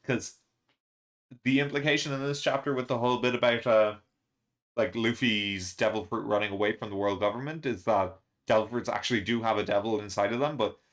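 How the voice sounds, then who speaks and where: A man hosting a casual reaction and review, excitable and rambling, laughing often between fillers. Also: fairly low pitch, brisk. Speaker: manga reaction channel host.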